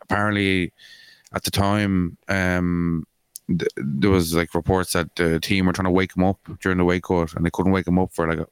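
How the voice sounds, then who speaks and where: Deep, flat-voiced man rambling about fights. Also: moderate pace, clear, resonant tone, no echo. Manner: rambling, swears a lot, many fillers. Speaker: podcast co-host. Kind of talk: casual sports chat.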